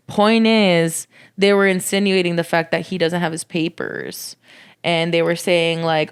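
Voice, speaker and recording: A woman's voice: lowish voice, steady tone, moderate pace, smooth. Young woman podcast cohost, candid storytime, swears a lot. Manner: candid, swears freely, acts out quotes. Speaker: podcast co-host. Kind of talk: casual storytelling chat.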